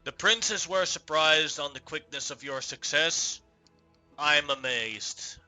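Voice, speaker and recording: A man voices a sultan who speaks in slow, measured, formal sentences. His tone is very bright and forceful. He regrets his failures in guarding his city. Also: fairly high pitch, faint music behind, heavily acted. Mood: regal, regretful. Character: male Sultan ruler, formal and remorseful.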